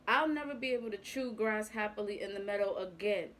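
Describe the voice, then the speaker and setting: A woman voicing a worried female farm cow in a children's storybook, talking in an anxious, hurried way. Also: medium pitch, fairly bright tone, lightly acted.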